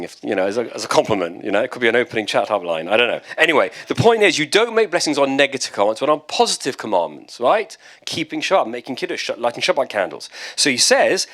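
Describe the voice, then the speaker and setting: British male rabbi lecturing, mid-pitched, chatty asides, quick jokes. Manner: conversational and lively, with asides and jokes. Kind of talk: text-study lecture.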